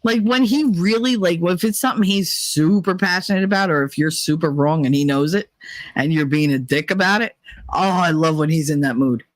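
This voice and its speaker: A woman's voice: low voice, fairly quick, no echo, low-quality recording. A woman livestreamer chatting casually in a blunt, rambling way, swearing and laughing often.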